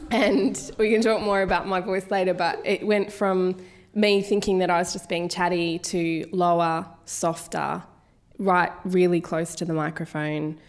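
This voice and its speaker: A woman, a podcast creator, telling a room full of people a casual story about making her show. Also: lowish voice. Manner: chatty and animated, quoting colleagues in quick asides. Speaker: podcast creator and presenter speaking at a talk. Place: room with a live audience.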